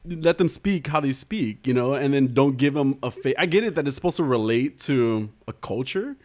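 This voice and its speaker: Animated, giggly man chatting casually. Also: medium pitch, moderate pace. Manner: laughs often, hesitant with many fillers and restarts. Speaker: podcast co-host. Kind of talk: casual chat.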